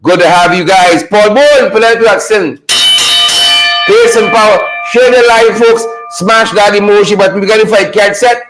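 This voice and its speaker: A man hosting a live stream, greeting viewers by name and repeating his phrases with high energy. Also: moderate pace, music in the background, low-quality recording. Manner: repetitive, hypes viewers with shout-outs.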